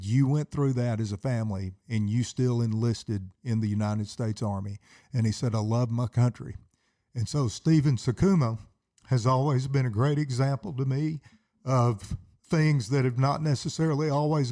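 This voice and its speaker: Older veteran guest, sixties, mellow and earnest, speaks from the heart. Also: male voice, medium pitch. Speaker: interview guest, Army veteran. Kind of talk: interview.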